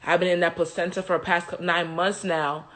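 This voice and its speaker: Woman doing a newborn boy, carefree, slangy, soft bright voice. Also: fairly low pitch, little pitch movement, a little fast, lightly acted. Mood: upbeat. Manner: casual, slangy.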